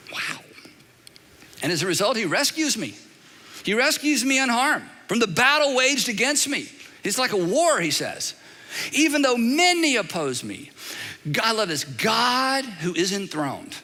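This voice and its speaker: Animated male preacher in a reverberant hall. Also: sits high. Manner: emphatic, animated preaching with dramatic repetition. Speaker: pastor. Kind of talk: sermon. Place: large church auditorium. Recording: long reverb of a large hall.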